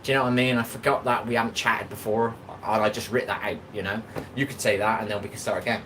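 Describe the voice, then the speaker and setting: A man's voice: lowish voice, fairly even intonation, quick pace, sharp tone, slight background noise, poor audio. An English man hosting a casual livestream while he cooks, rambling and talking back to chat comments. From England. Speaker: livestream host.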